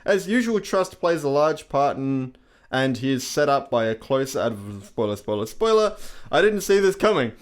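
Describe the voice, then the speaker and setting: A man voicing his dad reading out a film review, flat and plain, saying spoiler over the skipped parts. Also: medium pitch, moderate pace, natural voice. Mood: deadpan reading.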